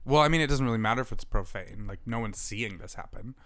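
Podcast co-host, male, smooth clear voice, swears through an angry rant, laughs between outbursts. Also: fairly low pitch, fast talker, a bit bright. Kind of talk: casual podcast chat.

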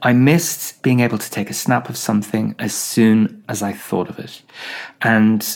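A man talking solo on his podcast in a relaxed, self-deprecating storytelling manner. His voice sits fairly low and carries a lot of gravelly fry. He sounds like he is chatting to regular listeners. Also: normal speed. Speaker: podcast host.

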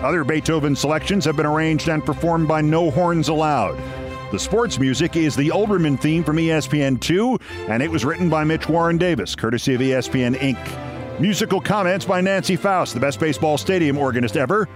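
A man hosting a podcast, reading a short story aloud in a theatrical, expressive way. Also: a little high, a little fast, over music. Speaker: host.

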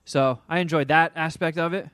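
A man in casual podcast chat, recapping a film with lively, animated delivery. His voice sits a little high for a man. The sound is dry and close, with no room around it. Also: a little fast, smooth, no room sound. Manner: animated storyteller, hams up silly voices for the characters he describes. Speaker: podcast co-host reviewing a film.

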